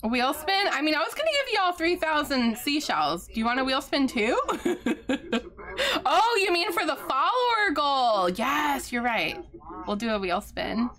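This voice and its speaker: A woman's voice: sits high, big pitch swings, a little slow, fairly bright tone. A young adult woman streaming a game live, giggly and effusive as she thanks her chat.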